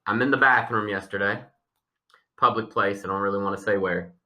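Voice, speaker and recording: A man co-hosting a podcast, telling tall tales in casual banter and jumping into high voices when quoting people. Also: brisk, bright, forceful tone, reverberant. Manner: spins tall tales, jumps into high voices for quoted characters. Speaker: podcast co-host.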